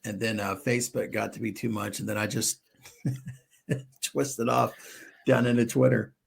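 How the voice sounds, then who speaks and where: A man's voice: mid-range voice, level tone, unhurried, gravelly, slightly rough. A man hosting a podcast, chatting casually and rambling with lots of fillers and restarts. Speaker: podcast host. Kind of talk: casual conversational chat.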